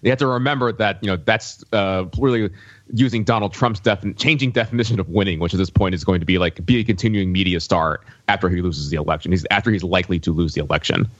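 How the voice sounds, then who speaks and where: A man on a podcast panel, talking fast and offhand in a low voice. His sound comes through a dull, lo-fi line that is dry and muffled. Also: no echo. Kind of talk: casual podcast discussion.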